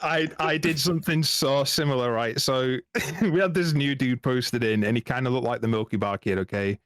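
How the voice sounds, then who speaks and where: A man tells animated, self-mocking army stories on a podcast, swearing as he goes. His voice is mid-pitched and recorded dry and close. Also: normal speed, no room sound. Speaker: podcast guest. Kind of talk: casual chat, swapping army stories.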